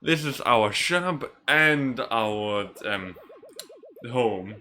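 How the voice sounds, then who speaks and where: A very tired man talks through a video game in loose, casual commentary, dropping curse words and stumbling over his own sentences. His voice sits at an average pitch for a man but carries a bright, forceful edge. He sounds worn out and past caring. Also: expressive, drawn-out words. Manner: laid-back, swears casually, restarts words. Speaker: gaming channel host. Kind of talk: casual let's-play commentary.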